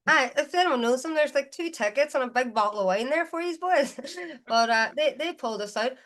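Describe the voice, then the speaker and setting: Chatty woman with a Derry accent. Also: sits high. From Northern Ireland. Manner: chatty storyteller, quick and animated. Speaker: guest, DJ and music producer. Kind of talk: casual interview chat.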